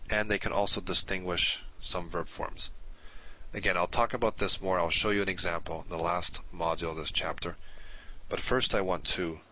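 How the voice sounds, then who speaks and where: A man with a very low, bright-toned voice gives a methodical recorded lecture. He explains each term step by step. The sound is dull and lo-fi. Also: fairly even intonation, moderate pace. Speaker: language teacher.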